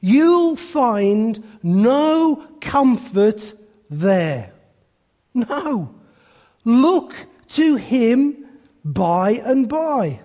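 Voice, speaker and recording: A man's voice: very high-pitched, very animated, extremely slow, warm tone, long reverb tail, heavily acted. A man voicing a thin, plain-spoken country preacher who pleads earnestly with his hearers. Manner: earnest, folksy, emphatic.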